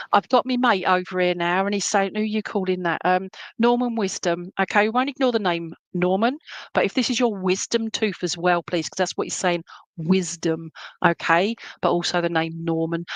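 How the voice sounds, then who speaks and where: A woman's voice: on the low side, no room sound. A woman serving as a spiritualist medium, giving a reading in an online church service in a chatty, reassuring way and often checking in with "okay?" and "all right?". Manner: relays spirit messages in a homely, colloquial way.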